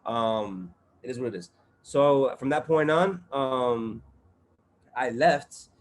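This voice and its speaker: A man's voice: medium pitch, slow. A man guest on a podcast, telling a story in casual chat, full of profanity, street slang and fillers.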